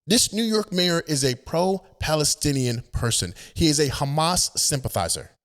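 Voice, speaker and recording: A man's voice: fairly high pitch, lively intonation, moderate pace, fairly bright tone. A man ranting as a political commentator, emphatic and indignant, stumbling into restarts.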